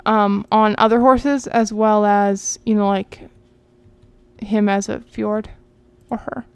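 A gaming channel host rambles casually to viewers during a horse game, often talking to herself. Her voice is medium-pitched, level, clear and resonant, and she speaks slowly on a dry recording.

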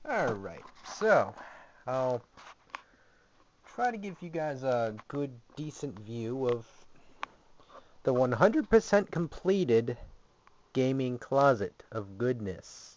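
A young man rambles through a tour of his small gaming closet in a jokey, sarcastic way, at a middling pitch. He is recorded on a camera mic. The audio is dull and lo-fi with a faint hiss behind it. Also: very animated, slow, pauses often. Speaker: vlogger. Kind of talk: casual home video tour.

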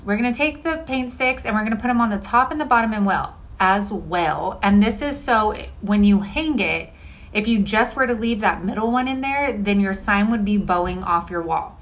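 A woman's voice: mid-range voice, animated, normal speed, fairly bright tone. A woman talking through a home decor craft project in a chatty, bubbly voice-over full of "like" and "um". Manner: chatty, bubbly, filler-heavy with lots of "like". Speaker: DIY home decor creator. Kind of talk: casual crafting voice-over tutorial.

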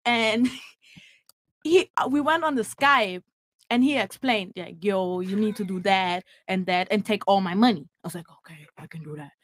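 A woman's voice: mid-range voice, normal speed, fairly bright tone, no echo. A young woman from Germany, a podcast guest telling stories in a blunt, giggly way, her English slightly broken. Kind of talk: casual storytelling chat.

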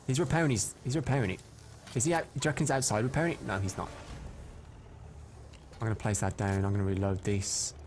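A man giving live commentary over his own gameplay, excitable and prone to loud frustrated outbursts, chatting with his viewers between rounds. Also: fairly low pitch, fast talker, pauses often, slight background noise. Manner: chats to viewers and reads out their comments. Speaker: live streamer.

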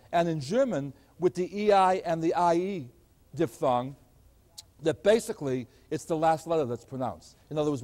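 Older man, math professor, lively lecture, slightly high voice. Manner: animated, storytelling teacher. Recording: older recording.

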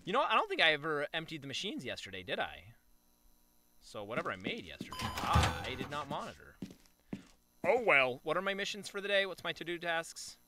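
A chatty man talks through a game he's playing, his voice bouncing up and down as he jokes at his own expense and taunts the computer enemies. His voice sits a little high. Loud game music plays under him the whole time. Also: big pitch swings, brisk. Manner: chatty, self-mocking, trash-talks the game. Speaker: gaming video creator. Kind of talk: casual let's-play commentary.

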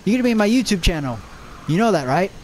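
Excitable young gamer yelping at the screen. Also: male voice, sits high, fast talker, slight background noise. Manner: jokey, excitable, yelps and shouts at the game. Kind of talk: gameplay commentary.

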